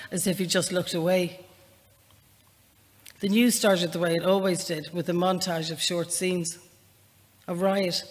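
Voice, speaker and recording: An Irish woman, an author with a faint northern lilt and a voice on the low side, speaks indoors at a live public library event. After some self-deprecating chat she reads from her novel at a measured, even pace, her words trailing into a long hall reverb.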